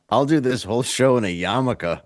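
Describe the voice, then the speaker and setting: A man co-hosting a podcast as a comedian, trading deadpan self-mocking jokes. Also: medium pitch, normal speed, no echo, clean studio sound. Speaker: comedian co-host.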